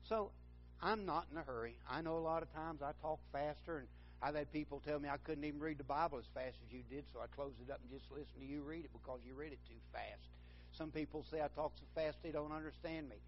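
A man's voice: medium pitch, lo-fi sound. A man preaching a sermon, rambling and correcting himself, then building to fervent emphasis.

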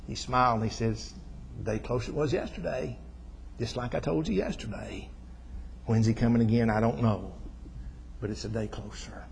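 A man preaching a sermon. He tells stories, swells to loud, fervent peaks, then drops soft. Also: medium pitch, long reverb tail, slight background noise, rough recording.

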